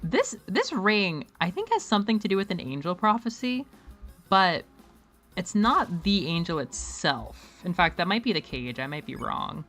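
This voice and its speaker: A woman's voice: lowish voice, big pitch swings, moderate pace, a bit bright, faint music behind. A woman hosting a casual game stream, chatting animatedly and laughing often. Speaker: streamer host. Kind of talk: casual let's-play chat.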